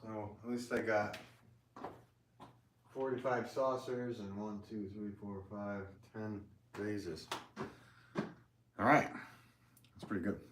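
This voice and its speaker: A man's voice: fairly low pitch, level tone, slow pace, pauses often, a little hiss or hum. A man, a potter, chatting casually to viewers on a live stream from his studio, rambling with lots of fillers and laughs.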